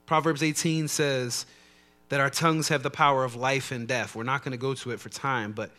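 A man preaching a conversational sermon to his congregation, swinging between soft asides and loud emphatic lines. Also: medium pitch. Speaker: pastor.

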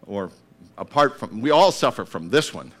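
A man preaching a sermon, acting out voices and breaking into shouted calls to get up. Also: lowish voice, very animated, moderate pace.

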